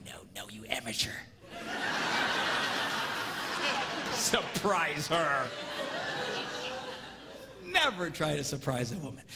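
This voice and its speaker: Man, comedic seminar speaker, high voice, swoops all over, echoey hall, crowd noise behind. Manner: animated, jokey, acts out spouses' reactions. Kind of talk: comedic live seminar talk. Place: large hall with live audience. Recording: reverberant hall with audience noise.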